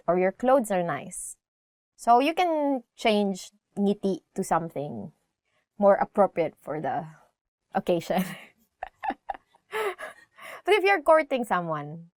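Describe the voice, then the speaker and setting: A young woman with a Filipino accent hosting a casual language lesson, chatty and laughing often, repeating phrases slowly. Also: a little high, no echo, clean studio sound. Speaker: language teacher host.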